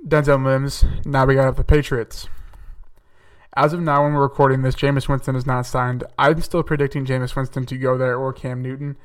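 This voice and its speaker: A man's voice: mid-range voice, level tone, normal speed, clear, resonant tone, recorded from a distance. A young man hosting a podcast, talking casually through his picks and thinking aloud with fillers and self-corrections. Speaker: podcast host. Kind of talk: casual solo mock-draft commentary.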